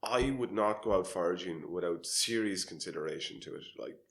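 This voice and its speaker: A man's voice: deep voice, animated, fairly quick. A man from Ireland with an Irish accent, co-hosting a podcast in casual chat, telling stories animatedly and acting out quotes with laughter. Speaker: podcast co-host.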